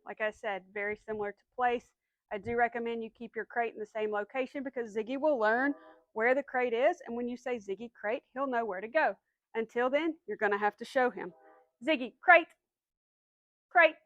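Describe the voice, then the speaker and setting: A woman's voice: on the high side, fairly quick, no echo, lo-fi sound. A woman dog trainer patiently explaining commands step by step, then giving the dog short firm cues. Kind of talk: instructional dog training demo.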